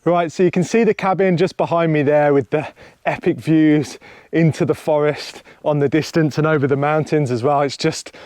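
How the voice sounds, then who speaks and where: Young male vlogger, slightly high voice, dry outdoor sound, eager and chatty. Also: fairly even intonation, normal speed, a little mellow, no echo. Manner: enthusiastic, chatty. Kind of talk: casual vlog to camera. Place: outdoors on a hillside.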